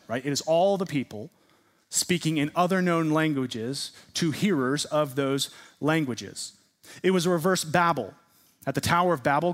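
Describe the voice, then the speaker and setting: A middle-aged male pastor preaching a sermon, swinging between loud emphatic peaks and quiet, drawn-out lines. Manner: dramatic swings between booming emphasis and hushed delivery; drawn-out, deliberate phrasing on key words.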